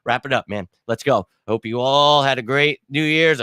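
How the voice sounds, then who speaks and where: Hoarse guy ranting about his team's loss, cusses, repeats himself, mid-pitched, dry close mic. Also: lively intonation, normal speed, pushed and bright, no echo. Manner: fired-up, blunt, swears, repeats himself. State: choked up and hoarse from screaming. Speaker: host of a sports fan show. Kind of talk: casual postgame fan rant.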